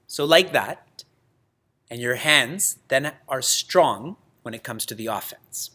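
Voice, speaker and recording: A man teaching a religious class in a lively way, asking his students questions and laughing often. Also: medium pitch, slow. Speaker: spiritual teacher.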